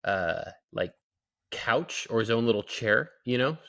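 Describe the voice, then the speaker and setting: A young man co-hosting a podcast, telling casual stories with lots of filler words and lively acted-out quotes. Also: medium pitch, a little slow, creaky. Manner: animated storytelling, lots of fillers. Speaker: podcast co-host. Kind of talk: casual chat.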